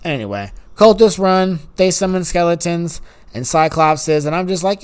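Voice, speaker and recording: Animated man rambling over gameplay. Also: moderate pace, clear, resonant tone. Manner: rambling, animated, acts out quoted dialogue in higher voices. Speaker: gaming YouTuber. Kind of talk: casual gameplay commentary.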